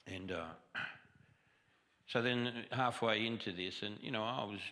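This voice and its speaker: A man's voice: on the low side, slow pace, sharp tone, in a large hall. A man giving a testimony sermon in a conversational storytelling way, with self-deprecating humor. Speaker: guest preacher. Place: church sanctuary.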